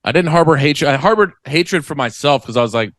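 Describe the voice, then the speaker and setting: A man's voice: on the high side, a little fast, no echo. A young man co-hosting a comedy podcast, telling exaggerated stories in casual chat. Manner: animated, exaggerated storytelling. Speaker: podcast co-host.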